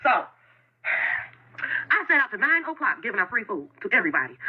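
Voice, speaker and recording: A woman's voice: on the high side, sing-song, brisk, slightly rough. A woman who owns a food truck, speaking an impassioned and defensive statement in which she often repeats herself. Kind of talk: emotional self-made video statement. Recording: dull lo-fi phone audio.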